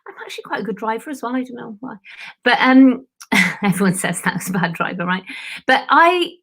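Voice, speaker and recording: A woman's voice: on the high side, expressive, brisk, gravelly, fairly bright tone, breathy edge. A woman, coaching on goal setting in a chatty live-stream style and laughing often. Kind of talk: casual live-stream chat.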